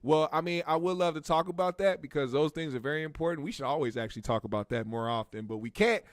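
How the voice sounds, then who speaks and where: High-voiced, profane comic host. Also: male voice, quick pace, no echo, studio quality. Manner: profane, animated storytelling with lots of voices. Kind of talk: comedic talk show commentary.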